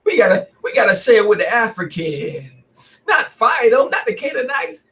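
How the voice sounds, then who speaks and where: High-pitched male preacher, animated, mocking commentary on scripture. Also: normal speed, a little hiss or hum. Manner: animated, mocking, stumbling restarts, frequent "right?".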